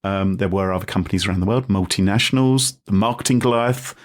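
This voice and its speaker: A man explaining things on a podcast, animated with wry asides. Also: low-pitched, quick pace. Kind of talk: podcast discussion.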